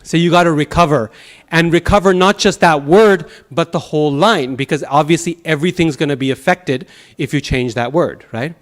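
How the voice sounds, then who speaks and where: A man teaching a Sanskrit class at a temple, telling anecdotes in an animated way with chuckles and restarts. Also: a little high, moderate pace. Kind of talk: lecture with anecdotes.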